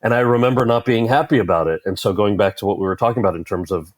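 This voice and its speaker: A low-pitched man in his forties tells a story in an interview and acts out the lines of the people he met. He sounds relaxed and talkative. The recording is close and dry, with no room sound. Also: fast talker, no room sound. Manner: animated anecdote-telling, quoting others in character. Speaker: actor and author, interview guest. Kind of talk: conversational storytelling.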